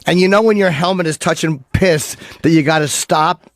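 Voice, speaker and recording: A man's voice: a little high, moderate pace, no room sound, clean studio sound. A man co-hosting a radio show, bluntly telling crude, self-mocking stories in casual banter.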